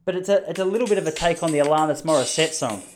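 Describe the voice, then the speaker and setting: A man's voice: a little high, racing, background noise. An Australian man hosting a podcast, telling meandering, self-mocking jokes in casual comedic chat. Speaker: podcast host.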